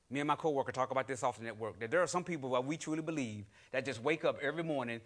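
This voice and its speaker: Bright-voiced man preaching with rising fervor. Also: mid-range voice. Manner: call-and-response preaching, rising to loud exhortation; acts out grumbling voices in quoted asides. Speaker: lay preacher. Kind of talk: sermon.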